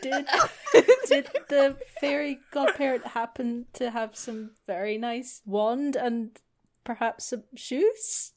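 A woman's voice: a little high, steady tone, slow, darkish tone. A woman playing a tabletop game with dry, wry humor. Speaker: player. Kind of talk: casual tabletop role-play.

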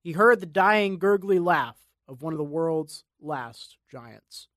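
A male audiobook narrator tells an action story in a measured, dramatic way. His voice sits a little high for a man, and the recording is dry and close with no room sound. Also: animated, fairly bright tone, no echo. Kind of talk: scripted narration.

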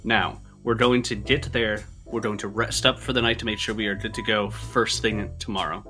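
A man playing a brisk male city watch captain who gives curt orders, in a tabletop game. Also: on the low side, little pitch movement, pushed and bright, faint music behind. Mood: commanding. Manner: curt and commanding.

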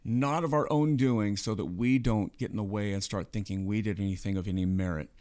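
A man's voice: fairly low pitch, fairly quick, darkish tone. A man co-hosting a podcast, talking through faith in a casual, earnest way and often checking in with "right?". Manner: earnest, explaining with frequent "right?". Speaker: podcast co-host.

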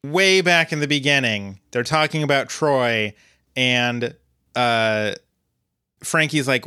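Bright, dry-voiced man recapping an episode. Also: medium pitch, takes it slowly, clean tone, no echo. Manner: playful, acts out characters' lines. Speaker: podcast co-host. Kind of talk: casual chat recapping a TV episode.

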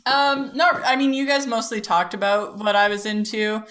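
A woman's voice: medium pitch, normal speed, a bit bright. A woman co-hosting a podcast, chatting casually with wry humor. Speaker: podcast co-host. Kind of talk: casual chat.

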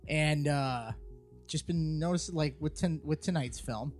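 A man co-hosting a casual horror-movie podcast, animated and swearing freely, with music faint behind him. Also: on the high side, measured pace. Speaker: podcast co-host. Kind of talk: casual chat.

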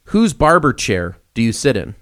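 A young man co-hosting a casual podcast, telling stories with lively swings and acting out the voices in them. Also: mid-range voice, moderate pace. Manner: animated storyteller, acts out quoted voices. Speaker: podcast co-host.

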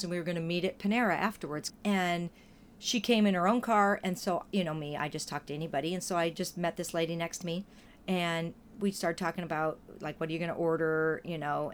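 A woman in casual conversation, telling stories in a lively way and acting out what people said. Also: lowish voice, a little hiss or hum. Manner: lively storytelling, acts out quoted voices. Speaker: podcast guest or co-host. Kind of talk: casual chat.

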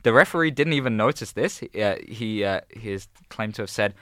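Bright-voiced laid-back male podcast host. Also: on the low side, lively intonation, fairly quick, dry recording, studio quality. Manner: laid-back, chuckling storyteller. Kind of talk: casual chat, reading out stories.

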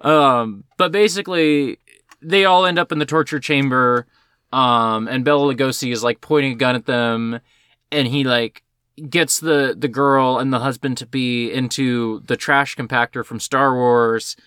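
Podcast co-host, male, bright tone, dry close sound, rambling and excited. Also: mid-range voice, a little slow, smooth, dry recording. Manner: rambling, excited, many fillers. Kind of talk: casual film discussion.

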